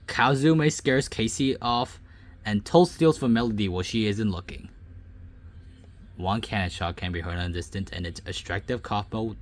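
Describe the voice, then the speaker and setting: A young man casually reading out game results and reacting with loud, surprised outbursts. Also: on the low side. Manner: reads results aloud, then breaks into loud surprised outbursts. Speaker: gaming YouTuber reading a simulator.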